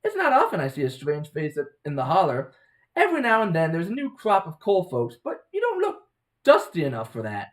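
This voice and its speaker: An upbeat, chatty young woman from a small mountain town, as a man puts her on. She talks in a raised, friendly voice with lively rises and falls. She sounds eager to make a newcomer feel welcome. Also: fairly quick, poor audio. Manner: bright, chatty, higher-pitched.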